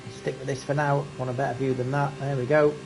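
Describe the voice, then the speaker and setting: Male race caller, mid-pitch, laid-back and chatty, lifts for close finishes; faint hiss underneath. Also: quick pace, vocal fry. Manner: casual, chatty, rising excitement at close battles. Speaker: race commentator. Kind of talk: live sim racing commentary.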